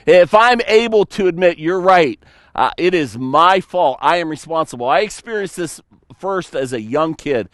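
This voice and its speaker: A man preaching a sermon as pastor, animated, telling stories and slipping into playful mock voices. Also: fairly high pitch, moderate pace, dry recording, clean studio sound.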